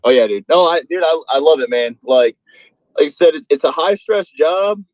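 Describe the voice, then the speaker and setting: A man's voice: a little high, expressive, a little mellow, no echo, low-quality recording. A man working as an aircraft maintenance supervisor, chatting casually and profanely on a group call from his job on an air base. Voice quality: profane, rambling, says he talks fast.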